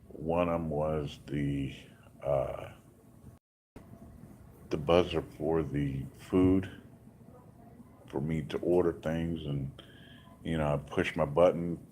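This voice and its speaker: A man's voice: a bass voice, a little mellow, a little hiss or hum. A man in a hospital room giving a casual, rambling update, telling stories with many asides. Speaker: vlogger.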